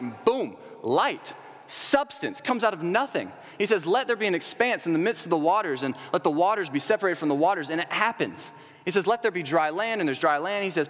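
A man's voice: on the high side, a bit bright. A man preaching a sermon to a church congregation, asking rhetorical questions and building to emphatic peaks. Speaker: young adult coordinator preaching. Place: church sanctuary. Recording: long hall reverb.

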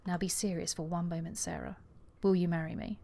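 A woman reading aloud as a calm, dry Regency gentleman, understated and plain. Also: fairly low pitch, brisk, creaky.

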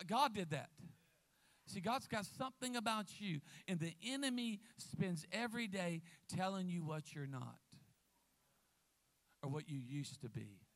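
Casting: male preacher, high, ringing voice, energetic sermon delivery. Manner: lively preacher, calls out to the crowd. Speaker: guest pastor.

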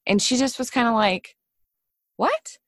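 A woman's voice: mid-range voice, normal speed, no room sound. A middle-aged woman hosting a casual podcast conversation. She tells her stories with energy and acts out the voices she quotes. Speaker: podcast host.

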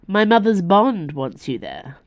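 A woman reading a fiction podcast, voicing an impatient, pushy young woman in a higher, quicker voice. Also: very animated, no echo, muffled recording. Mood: urging.

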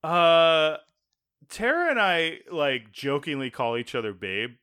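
A man's voice: fairly high pitch, very animated, pushed and bright, smooth. A man in his thirties co-hosting a casual podcast chat, talkative and laughing between his stories. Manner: chatty, laughing, quick asides. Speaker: podcast co-host.

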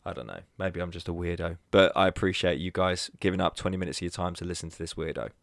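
A man's voice: low voice, fast, gravelly, a bit bright, no echo, clean studio sound. A man hosting his own podcast, talking casually and animatedly and laughing at his own slips. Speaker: podcast host. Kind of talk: solo podcast monologue.

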